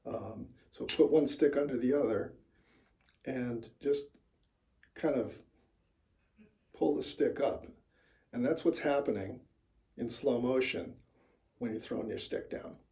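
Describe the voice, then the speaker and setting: A man with a mid-range voice walks through a drumming technique in a casual lesson. He explains step by step in a loose, relaxed way, often pausing with fillers as he demonstrates. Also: medium pitch. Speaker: drum teacher.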